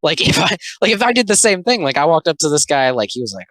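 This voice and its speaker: Very animated and fairly bright, this young adult video commentator's mid-range voice comes through a low-quality recording without echo. Rambling comic commentary mixes "like" fillers and sarcastic asides, sometimes breaking into quick mocking voices of characters.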